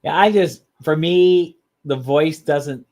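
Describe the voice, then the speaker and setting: A man's voice: on the high side, slow pace, a little mellow. A man co-hosting a podcast, talking casually in an easygoing, agreeable way. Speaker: podcast co-host. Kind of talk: casual chat.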